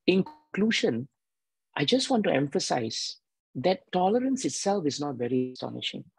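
Husky man giving an emphatic sermon. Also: a little high, sing-song, normal speed, no echo, rough recording. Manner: emphatic, repeats key phrases. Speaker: devotional speaker.

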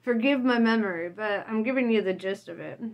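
A woman's voice: mid-range voice, brisk, lo-fi sound. A woman vlogger reading her own reflection aloud casually, blunt, often laughing and tagging lines with "right?".

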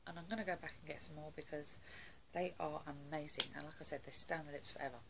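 A woman's voice: low voice, steady tone, quick pace, gravelly, heavy background noise. A woman doing a casual beauty haul video at home, chatty and gushing, with lots of fillers and asides. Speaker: beauty vlogger.

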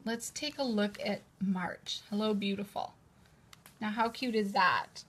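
A woman's voice: medium pitch, a little slow, a bit bright, slightly rough. A woman hosting a casual live-stream showcase of new planners, gushing and chatty as she repeats how cute each page is. She sits at a table, speaking to a camera in a holder. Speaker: host presenting new planners. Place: indoors at a table at home.

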